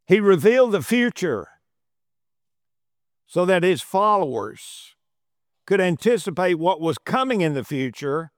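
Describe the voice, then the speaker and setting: A man's voice: high-pitched, big pitch swings, measured pace, long pauses, no room sound, studio quality. A man preaching a sermon, emphatic and repeating phrases for stress. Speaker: pastor.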